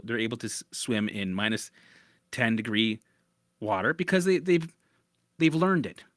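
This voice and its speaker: A man's voice: medium pitch, a bit bright. A man coaching listeners through anxiety in a loose, casual talk. He swears easily and slips into panicky voices. The sound is dry and close, with no room echo.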